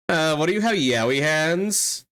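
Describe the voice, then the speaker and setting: Excitable laughing streamer, slow delivery. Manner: excitable, swears, laughs often, big jumps in pitch. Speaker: livestreamer and 3D artist. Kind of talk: casual livestream chat.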